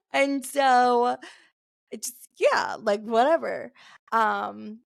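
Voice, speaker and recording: A young woman co-hosting a podcast tells stories in casual chat, chatty, laughing often and dropping lots of "like" fillers. Her fairly high voice is gravelly and extremely slow, recorded dry and close.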